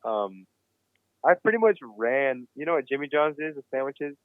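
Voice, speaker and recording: A man telling a wild story in a casual podcast chat, cursing freely and getting animated. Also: medium pitch, moderate pace, no room sound. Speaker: podcast guest. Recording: dry, phone-like remote line.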